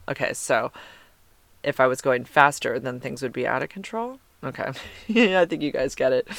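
A woman's voice: low-pitched, fairly bright tone, no echo. A woman hosting a podcast, reading listener comments in a rambling, chatty way and correcting herself as she goes. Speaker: podcast host.

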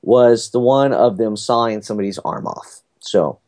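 A man's voice: fairly low pitch, normal speed, darkish tone. A man, chatting casually and rambling through a family story with many fillers. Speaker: podcast guest recounting a family cruise. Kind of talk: casual chat.

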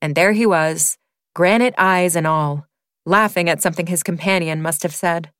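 Female reader, wry first-person romance narration, crisp and dry-sounding. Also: lowish voice, moderate pace, a bit bright, no room sound. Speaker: audiobook reader. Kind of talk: narrating a romance novel excerpt.

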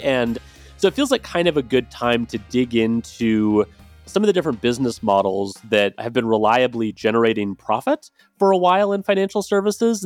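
A man's voice: medium pitch, no room sound, clean studio sound. A man hosting a podcast in a casual, chatty way, with loose phrasing and hedging fillers. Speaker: podcast host.

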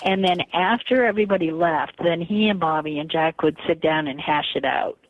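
A woman's voice: deep voice, normal speed, dry recording. A woman guest, an author and historian, chatting in an interview and filling her talk with "you know" asides. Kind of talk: casual phone interview. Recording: dry, tinny phone line.

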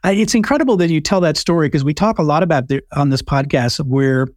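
A man hosts an interview podcast with a conversational, encouraging manner, his voice a touch high. The sound is close and dry. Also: fast talker, a little mellow, no echo. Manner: conversational, encouraging, some fillers. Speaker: podcast host. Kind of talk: interview hosting.

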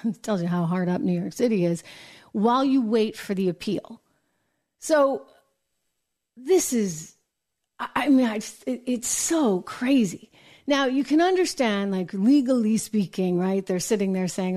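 A woman hosting a news commentary show, talking brisk and emphatic with sarcastic asides. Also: mid-range voice, lively intonation, mellow. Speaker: show host and business reporter. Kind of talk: opinionated political news commentary.

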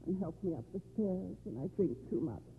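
A woman's voice: fairly low pitch, expressive, fairly quick. A sardonic, lonely, aging rich woman. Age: older. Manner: sardonic, theatrical, mocking. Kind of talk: 1950s radio drama acting. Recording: dull, faintly hissy 1950s radio broadcast.

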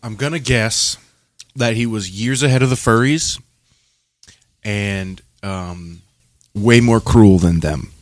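A man co-hosting a casual podcast, cracking wisecracks in a dry deadpan. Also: fairly low pitch, slow, long pauses, dry recording. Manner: wisecracking, lively deadpan jokes. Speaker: podcast co-host. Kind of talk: casual chat.

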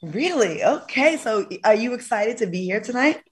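A woman in her forties hosting a casual talk show, lively and chatty, laughing easily. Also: on the high side, moderate pace. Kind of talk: casual chat.

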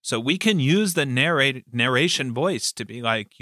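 A man who hosts a podcast and runs tabletop games, chatting casually in an animated way and laughing often. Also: mid-range voice, normal speed, dry recording, studio quality. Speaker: game master and podcast host. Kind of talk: casual chat.

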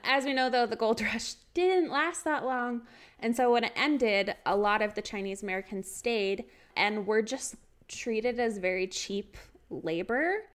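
A woman's voice: on the high side, unhurried. A young woman co-hosting a podcast, chatting casually, laughing often and walking through history notes. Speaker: podcast co-host.

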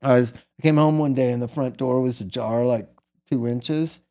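A man's voice: mid-range voice, fairly even intonation, normal speed, dark tone. A middle-aged man casually telling a long personal story as a guest, candid and rambling, often tagging "right?" onto his sentences.

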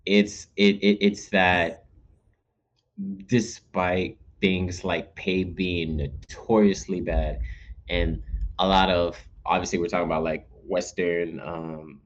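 A man's voice: low voice, little pitch movement, slow, a little hiss or hum. A man co-hosting a podcast, rambling in casual chat with lots of restarts and acted-out asides. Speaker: podcast co-host.

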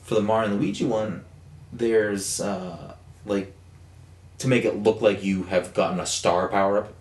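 A man with a fairly low voice trades crude jokes and swear words in loose podcast banter. The room echoes around him. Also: steady tone, unhurried, a little mellow. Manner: crude, joking, swears often. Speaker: podcast co-host. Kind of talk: casual banter among friends.

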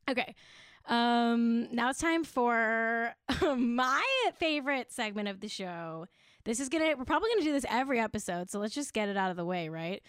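Woman podcast host, mock-earnest comic delivery, high-ish pitch, dry close-mic sound. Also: lively intonation, moderate pace, fairly bright tone, clear, resonant tone, dry recording. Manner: sarcastic, mock-earnest, laughing often. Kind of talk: comedic pop culture commentary.

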